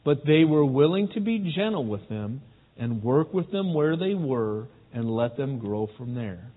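A man's voice: medium pitch, very animated, a little slow. A man preaching a sermon, talking easily to his congregation and often asking them questions. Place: church sanctuary. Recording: phone-like, with long hall reverb.

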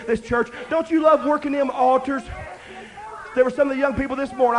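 An older man preaching a sermon, swinging between loud shouting and quiet talk. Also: extremely high pitch, low-quality recording. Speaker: pastor.

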